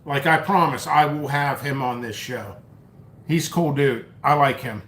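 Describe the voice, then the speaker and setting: A man's voice: medium pitch, measured pace, fairly bright tone, reverberant, slight background noise. A man hosting a live stream, chatting loosely as he reads comments and tells a story, often mocking and restarting his sentences. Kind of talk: rambling live stream chat, reading comments. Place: at home, eating noodles.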